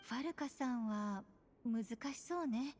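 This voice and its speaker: A woman voicing a poised, ladylike adult witch in a video game, speaking in a refined, softly feminine way. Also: a little high, moderate pace, a little hiss or hum, close to an everyday voice. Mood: calm.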